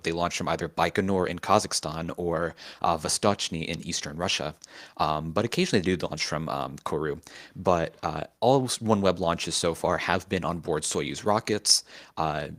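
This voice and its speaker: A man co-hosting a casual live show, explaining a topic in a relaxed way with many ums. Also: low-pitched. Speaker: co-host, writer.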